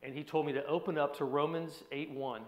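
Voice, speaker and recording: A man preaching a personal testimony sermon in an earnest voice, dropping to a hushed tone at heavy moments. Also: a little high, steady tone, fairly quick, lo-fi sound. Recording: echoey hall.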